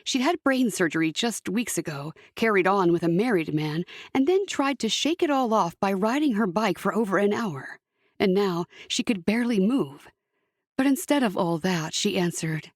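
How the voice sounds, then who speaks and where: A woman's voice: mid-range voice, lively intonation, normal speed, dry recording. Woman narrating an audiobook, dry booth. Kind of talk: scripted narration.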